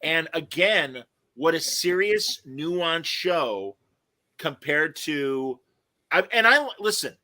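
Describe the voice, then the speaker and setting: A man hosting a podcast in casual chat, animated and laughing as he acts out quoted lines and reads comments aloud. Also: fairly high pitch, slow, no room sound. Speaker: podcast host.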